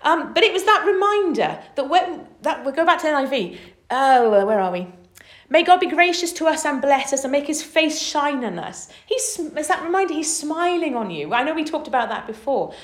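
High-voiced, enthusiastic woman preaching. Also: brisk, reverberant. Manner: enthusiastic, rising in pitch as she gets excited. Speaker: Bible study leader. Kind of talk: informal preaching to a small group.

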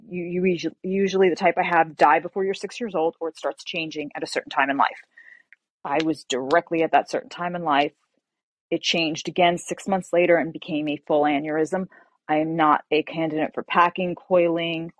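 A woman speaking on a podcast as a guest novelist, telling her story in a lively, animated way. Her voice sits on the low side for a woman. The sound is close and dry, with no room echo. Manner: animated, acts out dialogue while telling a story. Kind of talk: casual storytelling interview.

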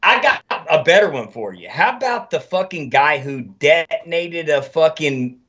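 Man ranting on a podcast, lively swooping voice, swears a lot, dull lo-fi sound. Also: on the high side, normal speed. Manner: animated, profane ranting. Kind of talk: casual chat.

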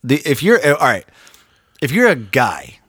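A man's voice: mid-range voice, wildly swooping pitch, moderate pace, fairly bright tone, husky, no echo, clean studio sound. A man in his late twenties co-hosting a podcast in casual chat, rambling and cursing with many restarts. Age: 20s. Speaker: podcast co-host.

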